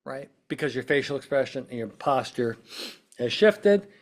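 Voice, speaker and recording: A man's voice: medium pitch, expressive, moderate pace. Conversational man who keeps asking "right?". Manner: conversational, peppers points with "right?" and "okay?"; acts out quoted speech in short bursts. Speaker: podcast host, witness-prep consultant. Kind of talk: casual explanatory podcast talk.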